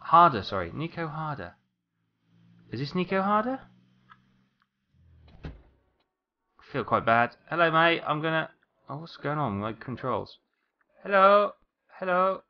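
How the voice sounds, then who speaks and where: A man's voice: a little high, sing-song, a little slow, pauses often, clean tone, dull audio. A man giving casual let's-play commentary, rambling as he talks to game characters and apologizes to them. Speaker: gameplay commentator.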